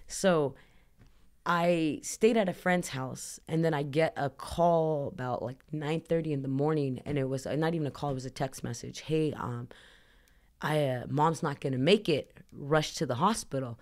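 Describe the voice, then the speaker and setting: A woman from Southern California with a low, somewhat mellow voice tells a personal story at a moderate pace as a podcast guest. She rambles earnestly and emotionally, filling her speech with "like."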